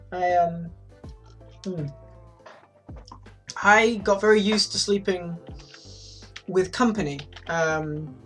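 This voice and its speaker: Woman streamer, lowish voice, loose rambling chat, frequent swearing, faint music behind. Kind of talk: casual chat while gaming.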